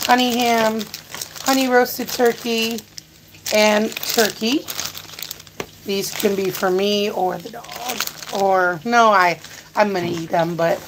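A woman's voice: fairly high pitch, noisy background. A woman hosting a casual live grocery haul, chatting to her viewers and her dog as she goes. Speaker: live-stream host.

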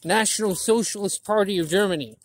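A woman's voice: mid-range voice, a little fast, a little hiss or hum. A woman vlogger delivering a blunt, profane political rant, indignant and preachy, with many restarts.

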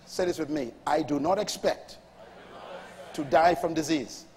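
A man's voice: a little high, unhurried, darkish tone, long reverb tail, slight background noise. A man preaching a sermon in an emphatic call-and-response manner, reading scripture aloud and urging the congregation to respond. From Bahamas. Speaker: pastor.

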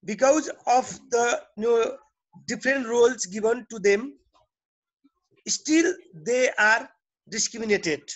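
A man's voice: extremely high pitch, takes it slowly, a bit bright. A man lecturing a class in Nepali-accented English. He circles back over his phrases, repeats words and keeps asking whether the students follow. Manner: repeats and restarts phrases, checks in with "okay?". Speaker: teacher.

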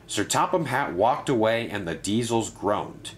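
A man narrating a children's railway story in a steady, descriptive way. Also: fairly low pitch, unhurried, slight background noise.

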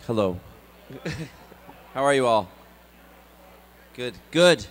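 A man's voice: medium pitch, very slow, big-room sound. A man from Scotland, a convention celebrity guest, telling stories casually and acting out voices. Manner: animated storyteller, acts out voices in anecdotes. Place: convention hall.

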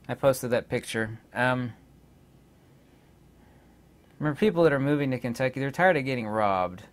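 A man hosting his own channel, talking in a rambling, indignant way and pausing on many filler words. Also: mid-range voice. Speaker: channel host. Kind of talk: rambling casual monologue.

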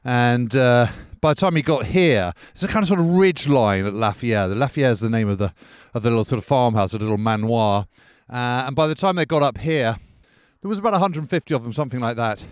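A man's voice: mid-range voice, lively intonation, brisk, clear, resonant tone, dry recording, studio quality. A male podcast host giving a rambling on-location commentary outdoors, peppered with "sort of" and "kind of", while walking along a country road.

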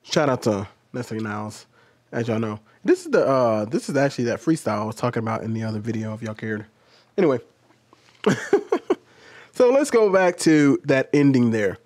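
A man talking casually to his viewers in a commentary video, full of personal stories and asides. His voice sits at an ordinary pitch and is recorded close and dry, with no room around it. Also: big pitch swings, normal speed, darkish tone, dry recording. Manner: chatty, storytelling, talks directly to viewers. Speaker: commentary host.

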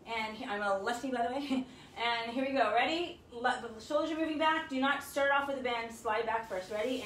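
High, bright encouraging woman fitness instructor. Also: a little fast, distant mic, slight background noise. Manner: encouraging, counts reps out loud with upbeat cheers. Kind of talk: home workout class, counting reps. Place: her home, echoey room. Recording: echoey room, mic from afar.

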